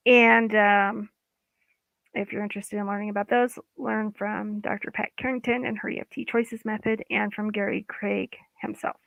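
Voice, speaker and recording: A woman's voice: on the high side, creaky, a bit bright, dry recording. A woman giving a casual, guided self-help talk as an EFT coach, informal and chatty, sometimes losing her words. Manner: chatty, informal, loses words mid-sentence. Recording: dry, phone-like line.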